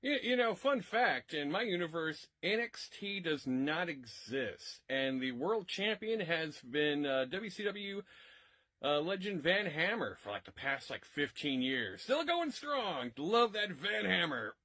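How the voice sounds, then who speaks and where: Guy doing goofy crude sketch rambles, kinda high voice. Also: sing-song, a little slow, bright, forceful tone, no echo, clean studio sound. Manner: crude, rambling comic bits. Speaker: comedy sketch creator. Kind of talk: absurd comedy sketch.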